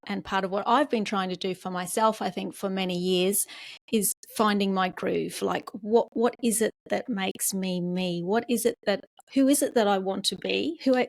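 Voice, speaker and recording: A woman podcast host interviewing a guest, speaking in a reflective, thoughtful way and giving soft murmurs of agreement. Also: medium pitch, gravelly, no echo, studio quality.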